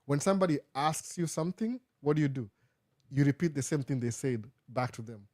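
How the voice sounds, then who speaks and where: A man's voice: a little high, expressive, a little fast, darkish tone, dry recording, studio quality. A man from Kenya, hosting a casual live Q&A, answering viewer questions and slipping Swahili phrases into his English. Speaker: host.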